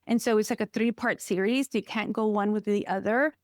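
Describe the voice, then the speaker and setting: A woman counselor, a guest on an interview podcast, telling personal stories in an expressive, emphatic way. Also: mid-range voice, a little fast, no room sound, clean studio sound. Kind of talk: personal conversational interview talk.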